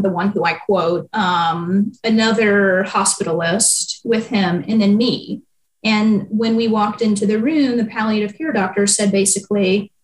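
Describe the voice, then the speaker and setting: A young adult woman, a newspaper reporter, answering interview questions in a reflective way with frequent ums and likes. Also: medium pitch. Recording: echoey room.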